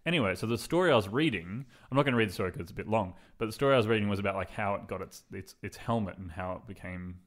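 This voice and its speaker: Young Australian male podcast host, rapid casual rambling, lowish voice. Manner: rambling storyteller, lots of "like", playful voices.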